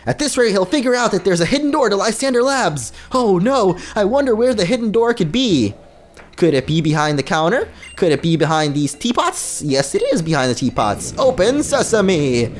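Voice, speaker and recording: A scheming video game character who gives away a secret, read aloud by a man. The delivery is mock-worried and theatrical, pitched a little above his usual voice. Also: sing-song, moderate pace, faint music behind. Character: scheming woman blabbing a secret.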